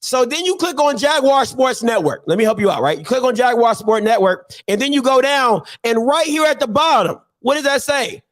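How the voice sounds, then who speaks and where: Man host, very high voice, loose rhetorical riffing, computer mic. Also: animated. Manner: repeats himself, drawn-out rhetorical questions. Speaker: show host. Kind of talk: casual live-stream commentary.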